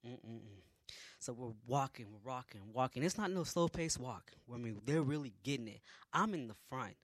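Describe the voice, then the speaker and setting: Animated young man telling a story. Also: normal speed, no room sound. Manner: animated, swings from low mutters to loud exclamations. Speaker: army private recounting training. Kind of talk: casual personal storytelling.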